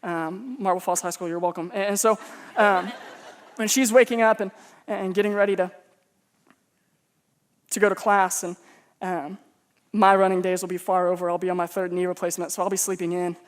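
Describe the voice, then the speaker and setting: A man's voice: high voice, steady tone, moderate pace, long pauses. Joking, chatty male preacher. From Texas. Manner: humorous, conversational, self-mocking. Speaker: pastor. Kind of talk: sermon with personal storytelling.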